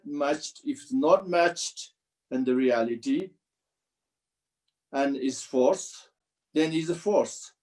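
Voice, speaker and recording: Slow-speaking man teaching. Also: mid-range voice, darkish tone, low-quality recording. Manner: slow, halting non-native English with restarts. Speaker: Buddhist teacher. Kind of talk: dharma teaching commentary. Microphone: video call.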